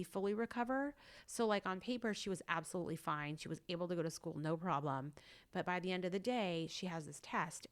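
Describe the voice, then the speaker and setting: A woman in her thirties hosting a podcast, telling a story in casual chat with lots of "like" fillers. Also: on the low side. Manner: chatty storytelling, many "like" fillers. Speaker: podcast host.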